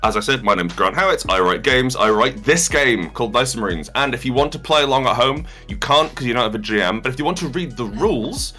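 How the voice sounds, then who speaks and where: A man's voice: medium pitch, expressive, brisk, few pauses, pushed and bright, soft background music. A man acting as game master, introducing players on a video call with playful, self-mocking banter. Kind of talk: joking stream introduction.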